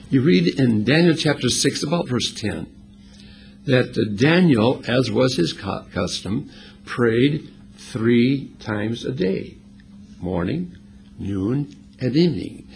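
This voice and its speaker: A man's voice: medium pitch, creaky, a little hiss or hum. A man preaching a sermon, explaining scripture and Greek words in an expository style. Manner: expository preaching with lively, animated delivery. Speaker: pastor.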